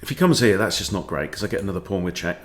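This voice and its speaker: A man with a somewhat low voice talks through a chess game live, as a coach commenting on his own moves. He thinks aloud in a loose, playful way and drops in joking asides between lines of analysis. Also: lively intonation, racing.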